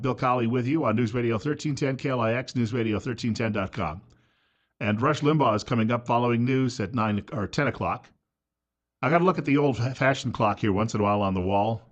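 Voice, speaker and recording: A middle-aged man hosting a talk radio show, delivering a sarcastic, mocking opinion monologue with chuckling asides. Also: on the low side. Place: radio studio.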